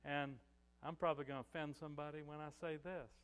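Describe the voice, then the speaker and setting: A man's voice: on the high side, steady tone, fast, fairly bright tone, clean tone, in a large hall. An older man preaching a sermon as pastor, in a conversational way with many "you know" fillers.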